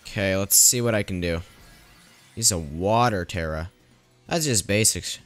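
A deep, fairly bright male voice offers casual let's-play commentary at a measured pace over soft background music. He thinks aloud while playing and teases the game's characters.

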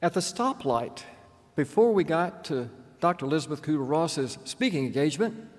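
A man's voice: fairly high pitch, big pitch swings. Earnest older man lecturing in a church. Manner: earnest, slows down to stress key words. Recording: long reverb from church.

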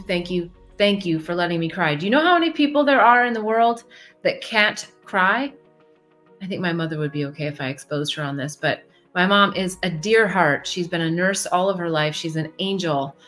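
A woman hosting a live advice session, talking in a gentle, reflective way with sudden shifts in pace. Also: lowish voice. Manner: gentle, reflective, with quick shifts in pace and playful quoted voices. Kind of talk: casual live coaching talk.

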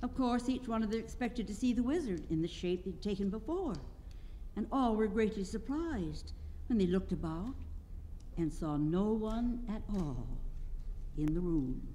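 Animated woman reading aloud. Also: mid-range voice, unhurried, long reverb tail, a little hiss or hum. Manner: animated storytelling. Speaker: reader at a literary event. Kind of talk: expressive read-aloud narration. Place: auditorium stage.

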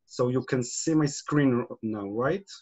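A man's voice: mid-range voice, measured pace, a little mellow, husky. A man from Israel with an Israeli accent, giving a webinar presentation with many fillers and restarts, speaking over a computer mic on a video call. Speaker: guest presenter.

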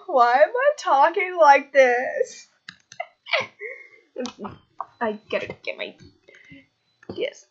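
A woman's voice: sits high, very animated, very slow, pauses often, muffled recording. Goofy, giggly woman streamer. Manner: goofy, giggly, drags out a silly catchphrase. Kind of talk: casual livestream chat.

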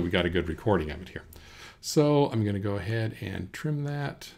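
Gravelly low-ish guy walking thru a recording tutorial at his desk, laid back, lots of um and uh. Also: moderate pace. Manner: relaxed, talks through steps with fillers. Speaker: teacher. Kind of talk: screen-recorded software tutorial. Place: indoors at a computer. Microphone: USB desk microphone.

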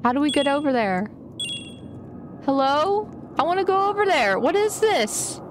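A young woman streaming a game live, excitable and chatty with her viewers, often gasping and giggling. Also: high-pitched, normal speed, noisy background. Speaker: gaming streamer. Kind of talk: live gameplay commentary.

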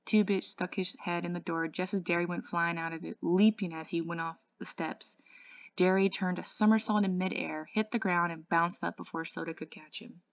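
A woman reads a novel aloud at a steady pace in a fairly low voice, with small slips and restarts. The recording is dry and slightly dull, like a modest home setup. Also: normal speed, no room sound. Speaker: English tutor.

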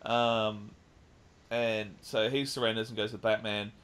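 A man co-hosting a podcast, casually recapping a film with lively retelling and the odd swear. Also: on the low side, a little slow, clear, resonant tone. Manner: animated retelling with swearing and mimicked lines. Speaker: podcast co-host. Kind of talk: casual chat, film review.

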